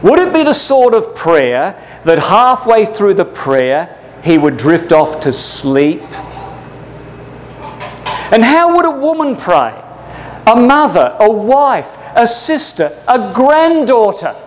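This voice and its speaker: A man's voice: high-pitched, sing-song, takes it slowly, poor audio. A man teaching a Bible class, preaching fervently and pressing listeners with urgent rhetorical questions. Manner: addresses listeners as brothers and sisters.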